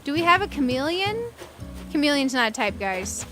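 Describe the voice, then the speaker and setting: High-voiced giggly woman streamer. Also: big pitch swings, normal speed, fairly bright tone, soft background music. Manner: chatty, giggly, reads chat aloud and rants playfully. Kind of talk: casual live-stream chat while gaming.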